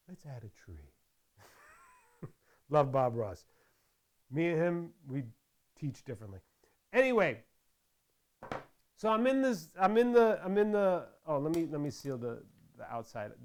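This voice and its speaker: Man, casual craft tutorial, rambling chatty storyteller, slightly high voice. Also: clean tone. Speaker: craft vlogger.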